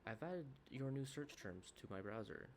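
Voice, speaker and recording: A man voicing a gentle, friendly male AI companion program in an earnest, put-on accent. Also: mid-range voice, expressive, moderate pace, slight background noise, voice pushed up, close to an everyday voice.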